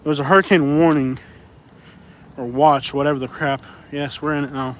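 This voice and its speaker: A man vlogs live from city streets with a phone in his hand, slightly out of breath as he walks. He rambles, circles back over his points, and answers viewers in a fairly high voice. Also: fairly even intonation, normal speed. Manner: rambling, repeats himself, reads chat aloud. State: out of breath from walking. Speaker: live-stream vlogger. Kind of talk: casual live-stream walking commentary.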